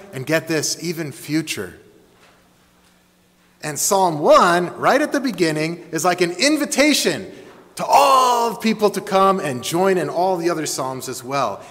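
A man's voice: on the high side, fairly bright tone. A man preaching a sermon to his congregation, emphatic and engaging, with call-and-response. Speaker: pastor. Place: church sanctuary. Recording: long hall reverb.

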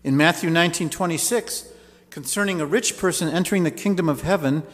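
A man's voice: on the high side, a little fast, big-room sound. A man preaching a sermon, telling stories with folksy asides. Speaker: pastor.

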